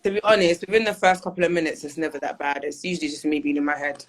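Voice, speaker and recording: A woman's voice: low-pitched, a little hiss or hum. A woman guest talking candidly and chattily in an interview over a video call. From United Kingdom. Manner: chatty, candid, quick to laugh.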